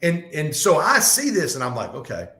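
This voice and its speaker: A man speaking as a guest in a casual podcast conversation, talking in an animated, fast, motivational way. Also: fairly high pitch. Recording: echoey room.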